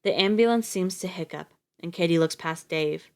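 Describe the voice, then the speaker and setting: Woman narrator, lowish voice, steady storybook reading. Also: normal speed. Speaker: audiobook reader on a livestream.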